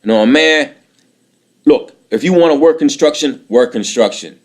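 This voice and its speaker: Man, late 30s, bitter personal monologue, aggrieved, repetitive, profane, mid-pitched voice. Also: measured pace.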